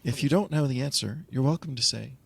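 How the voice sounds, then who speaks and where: A man voicing a calm, mechanical intercom voice that politely and insistently runs a survey. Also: mid-range voice, fast talker, vocal fry, husky, pitched above the performer's own voice. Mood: calm coaxing.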